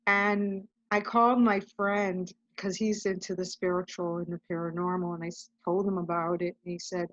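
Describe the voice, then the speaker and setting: A woman's voice: on the low side, little pitch movement, moderate pace, few pauses, no echo. Chatty woman guest on muffled audio. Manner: chatty, recounts events with lots of "I'm like". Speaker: podcast guest. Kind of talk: casual storytelling.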